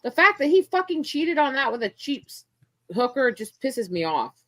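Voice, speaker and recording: A woman's voice: high-pitched, very animated, moderate pace, a bit bright, no room sound. Blunt, profane woman chatting. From United States. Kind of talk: casual chat.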